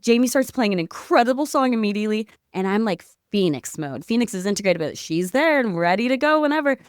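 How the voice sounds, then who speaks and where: Smooth-voiced excitable woman storyteller. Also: mid-range voice, quick pace, no room sound, clean studio sound. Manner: excitable, fills talk with "like", spiritual vocabulary. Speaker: podcast guest. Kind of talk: animated storytelling in casual chat.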